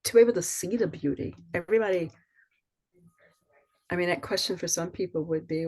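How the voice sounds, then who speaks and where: Soothing, husky older woman storyteller. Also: on the low side, a little fast, pauses often. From Southern US. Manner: soothing, reflective, lively when quoting others. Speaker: poet, interview guest. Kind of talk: reflective storytelling interview.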